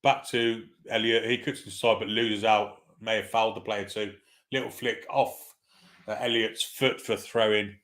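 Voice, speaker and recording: A man's voice: fairly low pitch, flat delivery, normal speed, fairly bright tone. A man hosting a live football watchalong, giving casual play-by-play, swearing freely and reading out viewer comments. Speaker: host of a football watchalong stream.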